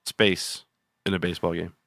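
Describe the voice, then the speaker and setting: A man with a lowish voice talks loosely and profanely on a podcast. He rambles from one thought to the next and laughs easily. The sound is close and dry, with no room in it. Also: little pitch movement, normal speed, a bit bright, no echo. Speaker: podcast co-host. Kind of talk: casual chat.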